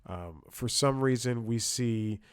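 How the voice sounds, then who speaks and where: A man's voice: medium pitch, slow, clean tone, no echo, studio quality. A man hosting a comedy podcast, telling a rambling story with lots of restarts and sarcastic asides. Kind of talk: casual comedic monologue.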